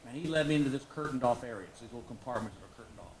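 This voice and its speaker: Animated middle-aged man doing stand-up. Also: very fast, a crowd in the background. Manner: animated, acts out quoted people, leaps high when exclaiming. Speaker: stand-up comedian. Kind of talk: stand-up comedy storytelling. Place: live comedy stage. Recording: roomy live venue with audience noise.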